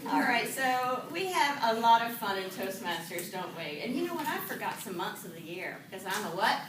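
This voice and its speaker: A woman's voice: a little high, moderate pace, a crowd in the background. A woman giving a humorous club speech, telling funny stories with lots of laughter. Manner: animated storytelling with frequent laughter. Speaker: Toastmasters speaker. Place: meeting room with live audience. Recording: echoey room from far off, audible room noise.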